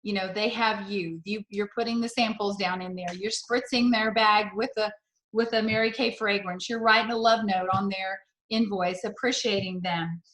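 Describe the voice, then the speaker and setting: A woman's voice: mid-range voice, steady tone, normal speed, a bit bright. A middle-aged woman giving an enthusiastic, storytelling sales talk on a video call. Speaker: sales director. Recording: echoey room on a video call.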